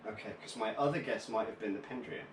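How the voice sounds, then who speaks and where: A man co-hosting a casual whisky tasting podcast, playful and quick to laugh. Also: lowish voice. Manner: playful, animated, laughs often. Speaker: podcast co-host. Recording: distant camera mic in echoey room with faint noise.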